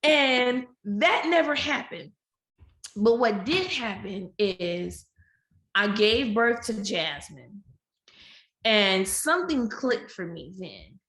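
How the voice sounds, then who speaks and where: A woman guest on a podcast, telling a personal story candidly and acting out quoted dialogue with lively shifts of voice. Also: medium pitch, slow. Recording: roomy echo.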